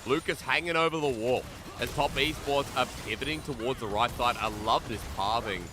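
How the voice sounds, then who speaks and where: A young Australian man calling esports play-by-play, whose rapid calls climb to shouts during fights. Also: medium pitch, background noise.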